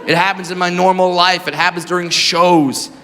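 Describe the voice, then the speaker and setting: A male stand-up comedian telling a story on stage, animated, shouting punchlines and putting on shrill mock voices. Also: normal speed. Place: comedy club stage before a live audience. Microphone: handheld stage microphone. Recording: live stage recording, long hall reverb, crowd noise. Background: audience laughter.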